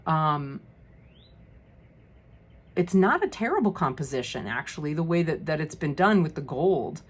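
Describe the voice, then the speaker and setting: A woman with a husky, slightly breathy voice that sits on the low side. She talks casually through a tarot deck, frank and quick to show frustration, trailing into ums and restarts. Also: big pitch swings. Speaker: tarot video creator.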